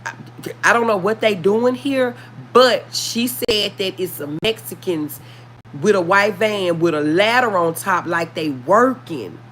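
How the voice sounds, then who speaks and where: A woman's voice: mid-range voice, measured pace, a bit bright, a little hiss or hum. Chatty Memphis woman live-streaming. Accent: Memphis Southern US. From Memphis, Tennessee. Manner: chatty, keeps addressing viewers as y'all; earnest, warning tone. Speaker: livestream host. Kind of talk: casual livestream chat.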